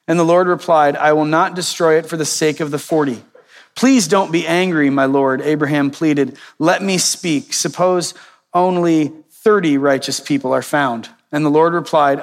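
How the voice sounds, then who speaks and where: A male pastor preaching a sermon, reading scripture and retelling it in a conversational way with lively quoted voices. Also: a little high, in a large hall.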